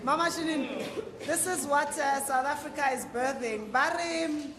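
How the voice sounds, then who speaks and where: Unhurried woman host, echoey hall. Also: high voice, background noise. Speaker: event host. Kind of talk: introducing a performer at a live event.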